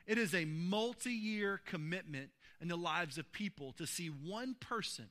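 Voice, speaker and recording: A man's voice: high voice, lively intonation, a little slow, bright, forceful tone. A man preaching a sermon as a pastor, earnest and building to emphatic peaks while telling personal stories in a church.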